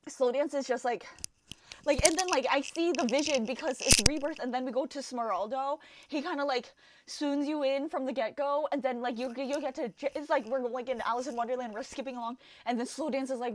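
Young adult woman, music reaction vlogger, excitable gusher, a touch high-pitched. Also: no room sound. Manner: gushing, excitable, many exclamations and fillers. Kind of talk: casual first-listen reaction.

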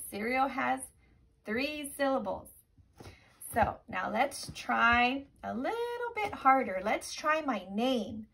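A woman teaching young children a remote lesson, speaking in a slow, encouraging, sing-song way and often checking "okay?". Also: high-pitched, background noise.

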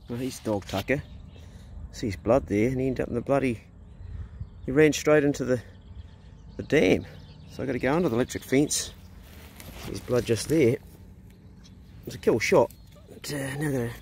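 A man's voice: mid-range voice, a little mellow, a little hiss or hum. A man with a New Zealand accent narrating a casual outdoor vlog on a farm, swearing freely and chatting to the animals. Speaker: vlogger and hunter.

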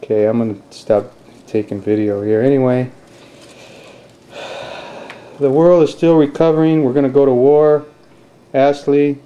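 A man's voice: medium pitch, measured pace, pauses often, mellow, clear, resonant tone, lo-fi sound. A father filming a home video at home on a handheld camcorder, talking earnestly and calling to his toddler in a coaxing sing-song. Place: family home, indoors.

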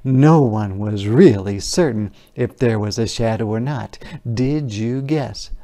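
A man voicing a curious storybook raccoon who asks questions in a soft, plain voice. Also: on the low side, takes it slowly.

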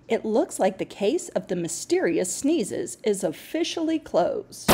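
A woman reading a storybook aloud to elementary pupils in a clear, teacherly, explanatory way. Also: mid-range voice, dark tone.

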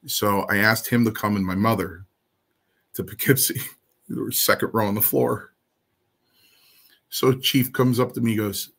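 Blunt, animated male storyteller. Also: fairly low pitch, unhurried, gravelly, pauses often. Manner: animated, acts out the people in his story; blunt, salty language. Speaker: interview guest recounting his wrestling career. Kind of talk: casual anecdotal storytelling.

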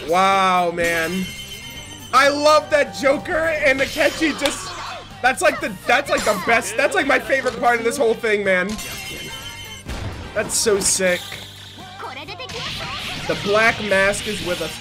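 A man reacting casually to a video game trailer, excitable, swearing freely and breaking into loud laughs and shouts. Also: sits high, unhurried, long pauses, music in the background. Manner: swears freely, says dude and bro.

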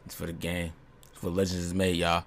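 A young man streaming a video game, commenting casually, swinging from low muttering to loud yelps. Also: completely flat delivery, fairly quick, slight background noise. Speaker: gaming streamer.

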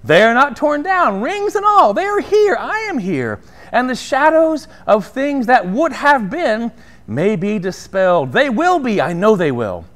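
A man's voice: very high voice, very animated, measured pace, a bit bright, full character voice. A man reading aloud as an elderly miser overjoyed at a second chance, in a giddy, exclaiming voice. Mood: ecstatic. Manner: giddy, exclaiming, breathless with delight. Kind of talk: dramatic reading from a classic novel.

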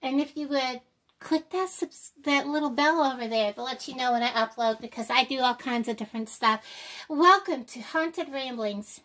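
A woman's voice: sits high, moderate pace, fairly bright tone. An older woman vlogging, out of breath, with slightly off speech, rambling and apologetic with many ums. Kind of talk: casual chat to camera.

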